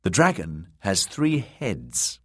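A man voicing a calm young man who speaks in a soft, slow drawl. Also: fairly low pitch, slightly rough, no echo, studio quality, pitched above the performer's own voice, full character voice. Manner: calm, unhurried, measured.

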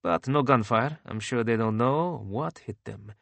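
A man reading the lines of a calm, reasoning alien man in an audiobook, in a measured way. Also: mid-range voice, vocal fry, no echo.

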